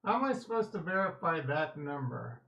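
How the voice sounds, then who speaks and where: Guy on a livestream arguing with chat, kinda high voice with gravel in it, jokey and defensive. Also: sing-song, moderate pace, fairly bright tone, highs cut off. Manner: defensive, joking, talks back to chat. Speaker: livestream host reading chat.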